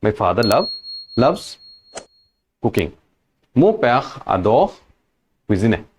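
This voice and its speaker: Man, language teacher, animated pitch, slow delivery, repeats every example. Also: slightly rough. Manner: repeats each example several times, checks with "right?" and "correct?". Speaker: French teacher. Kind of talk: slow, repetitive language lesson.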